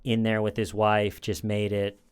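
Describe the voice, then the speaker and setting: A man's voice: fairly low pitch, monotone, unhurried, darkish tone, clear, resonant tone. A man hosting a true crime commentary, talking casually and giving his opinions. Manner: conversational, opinionated, acts out quotes.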